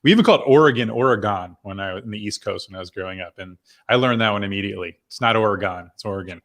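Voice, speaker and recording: A man's voice: on the low side, racing, fairly bright tone. A middle-aged man from New Jersey hosting a live online members' chat, rambling and chatty with lots of fillers and laughs. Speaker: host.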